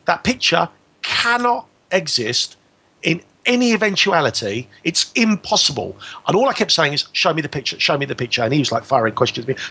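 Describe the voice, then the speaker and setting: A man's voice: fairly high pitch, very animated, brisk, pushed and bright, slightly rough. A man telling a personal story as a guest on a radio talk show, acting out both sides of the exchange.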